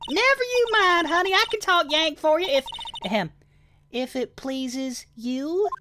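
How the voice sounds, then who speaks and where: A man voicing a brash, loud young Southern woman with a twangy accent in a game playthrough. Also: very high-pitched, animated, unhurried, background noise, pitched above the performer's own voice. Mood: friendly, eager. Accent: American Southern.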